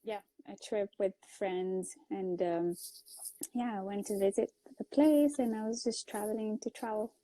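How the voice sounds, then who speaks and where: A woman's voice: medium pitch, fairly even intonation, measured pace, warm tone, no room sound, poor audio. A woman from Italy with an Italian accent, chatting casually on a phone live stream and laughing often. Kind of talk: casual chat.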